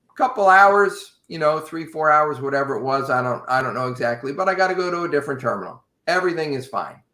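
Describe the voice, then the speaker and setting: A man casually telling a long travel story to a podcast host in an animated, wry way. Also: a little high, fast. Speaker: podcast guest. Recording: roomy echo.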